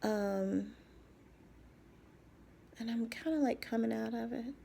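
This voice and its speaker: Slow, gravelly, half-whispering woman. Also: fairly high pitch, a little hiss or hum. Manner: halting, soft-spoken, often drops to a whisper; repeats herself, searching for words. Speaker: vlogger. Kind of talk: personal video diary.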